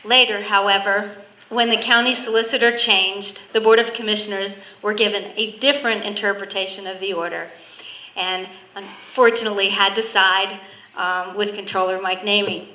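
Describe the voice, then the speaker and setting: A woman's voice: mid-range voice, steady tone, sharp tone, reverberant, rough recording. Woman reading a formal tribute. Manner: measured, formal, read from notes. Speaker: county commissioner giving a tribute. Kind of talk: prepared tribute speech.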